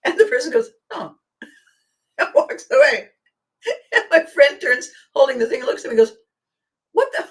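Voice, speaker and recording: A woman's voice: high-pitched, big pitch swings, normal speed, pauses often. A middle-aged woman hosting a podcast, telling a story animatedly and laughing often. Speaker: podcast host. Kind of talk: storytelling monologue.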